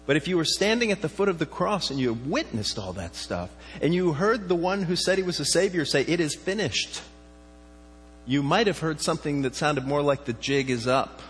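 A man's voice: a little high, sing-song, a little fast, few pauses. A man preaching in a conversational tone, asking his congregation questions as he goes. His voice carries a long reverb from a large hall. A faint mains hum sits underneath. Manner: conversational, asks the listeners questions. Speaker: pastor. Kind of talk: sermon.

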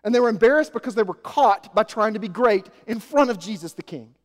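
A man in his forties from Arkansas, preaching a sermon with self-mocking stories, shifting from quiet asides to loud emphasis. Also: high voice, animated, brisk. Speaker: pastor. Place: church sanctuary. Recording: echoey hall.

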